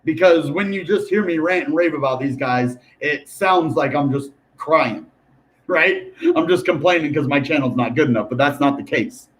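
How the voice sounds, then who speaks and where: A young man talks through price charts in a loose, rambling way. He sounds animated and chatty, with a voice pitched a little higher than most men. He speaks straight to his viewers like a regular host. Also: normal speed. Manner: animated, rambling, addresses viewers as guys and dude. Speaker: crypto YouTuber. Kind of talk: casual chart commentary to camera.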